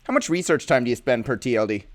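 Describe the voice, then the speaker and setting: A man's voice: medium pitch, animated, quick pace. A man hosting a panel discussion, quizzing panelists with long stacked questions. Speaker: panel show host.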